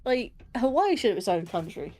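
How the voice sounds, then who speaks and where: A woman's voice: on the high side, big pitch swings, brisk, darkish tone. Chatty English woman with a London lilt. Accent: London English mixed with standard Southern English. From England. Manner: rambling, thinking aloud, chatty. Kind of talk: casual chat over gameplay.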